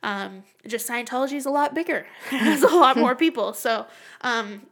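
A young woman chatting on a podcast with a bright, forceful voice pitched a little high. She talks in an animated way, swears freely, and keeps trailing off and restarting her sentences. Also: moderate pace, slightly rough. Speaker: podcast co-host. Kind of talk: casual chat.

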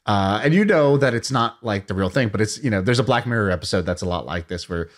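Low-voiced musing podcast co-host. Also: male voice, lively intonation, fast. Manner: musing, puzzled, repeats words as he thinks aloud. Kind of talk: casual podcast chat.

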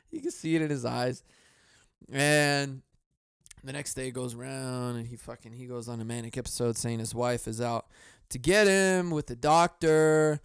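A man's voice: mid-range voice, fairly even intonation, moderate pace, smooth, no echo, clean studio sound. A young man hosting his own podcast in a casual, rambling, profane rant, laughing often. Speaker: podcast host. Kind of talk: casual ranting podcast monologue.

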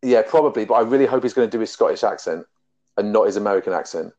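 A man's voice: fairly low pitch, racing, dark tone. A man hosting a casual geek chat podcast, talking animatedly and laughing often. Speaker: podcast host. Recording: dull lo-fi sound.

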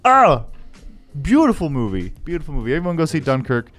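A fairly high-voiced man in easygoing podcast banter, gushing and quick to laugh. Faint music sits underneath his voice. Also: sing-song, a little mellow. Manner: enthusiastic, laughs often. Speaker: podcast co-host. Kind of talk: casual chat.

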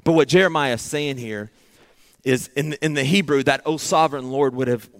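A man's voice: mid-range voice, moderate pace. A man preaching a sermon, earnest and dramatic, acting out pleading prayers in short repeated phrases.

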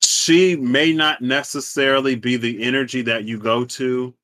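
Male co-host, bright and dry-voiced, lively and playful in casual chat. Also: medium pitch, normal speed, no echo. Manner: animated, expressive, playful, with slang and laughs. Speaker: podcast co-host.

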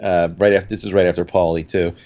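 A man's voice: sits low, little pitch movement, fast, a little mellow, dull audio. A man casually recapping a TV episode in a podcast chat, rambling with fillers and acting out quotes.

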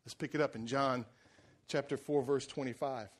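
A male pastor preaching a sermon, retelling a Bible story in lively, casual modern language. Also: mid-range voice, normal speed.

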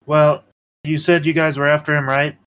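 A man's voice: on the high side, little pitch movement, normal speed, a bit bright, clear, resonant tone. A man playing a tabletop game, explaining his actions in a matter-of-fact way. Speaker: player. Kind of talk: casual game chat.

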